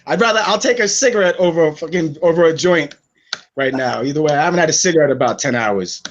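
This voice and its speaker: Brief Guest: man from New York, thirties, a bit high-voiced, rambling and profane, dull lo-fi call audio. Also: expressive, quick pace. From New York City. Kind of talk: casual online chat.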